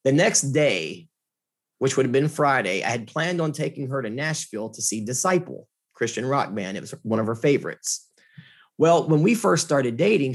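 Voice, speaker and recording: A man with a husky, slightly breathy voice recounts a personal story to a host. His telling is animated and earnest, and his pitch sits in an ordinary middle range. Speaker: guest. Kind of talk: casual storytelling in conversation.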